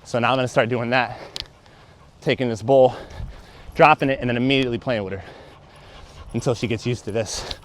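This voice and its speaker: A man's voice: a little fast, pauses often, a little hiss or hum. A young man, a dog trainer, talking casually through each step of a training session while walking his dog outdoors. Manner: explains steps aloud, breaks into high excited praise for the dog. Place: outdoors on a walking path and grass.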